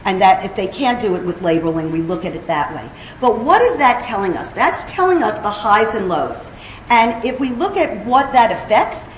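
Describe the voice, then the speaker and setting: A woman's voice: medium pitch, a little hiss or hum. A woman giving a conference presentation, explaining her topic and putting questions to the audience. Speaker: presenter on hearing and speech. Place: conference room. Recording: roomy hall with faint ambience.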